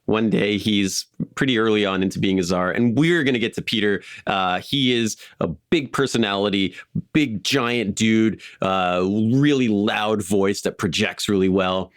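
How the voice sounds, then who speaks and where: Low-voiced guy co-hosting a podcast, storytelling, dry close sound. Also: moderate pace, clean tone, no echo. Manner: animated storyteller with frequent fillers. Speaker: podcast co-host. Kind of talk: casual history storytelling.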